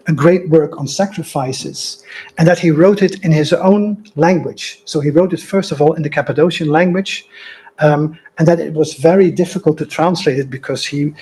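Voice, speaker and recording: An older Dutch-born man lectures on a scholarly topic, his voice a little husky and pitched somewhat high for a man. He wanders into asides and fills pauses with ums and uhs as he explains. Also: a little mellow, low-quality recording. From Netherlands. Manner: digressive, many fillers and asides. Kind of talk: academic lecture.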